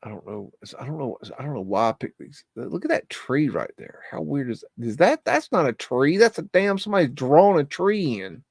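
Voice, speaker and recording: A man's voice: medium pitch, animated, normal speed, creaky, few pauses, a little mellow, dry recording, clean studio sound. A man hosting a live show, talking through archive photos in a hesitant, rambling way, often muttering exclamations and swearing when something spooks him. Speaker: livestream host.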